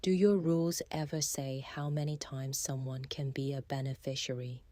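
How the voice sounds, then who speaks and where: A man voicing a calm, menacing, manipulative woman in an audiobook, in a soft, breathy half-whisper with a slow, taunting manner. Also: mid-range voice, no echo, voice pushed up, close to an everyday voice. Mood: coolly menacing. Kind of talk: audiobook character voice.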